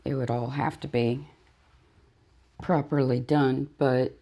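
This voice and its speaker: A woman's voice: extremely low pitch, fairly even intonation, takes it slowly, dark tone. A woman dog groomer chatting casually while she works, telling stories and acting out her clients. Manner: chatty storytelling, acts out clients in quotes.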